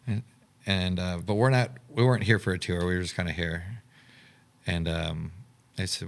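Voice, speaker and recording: A man's voice: deep voice, steady tone, normal speed, long pauses. A man who owns and directs a camp, telling his story in a podcast interview and acting out the dialogue he quotes.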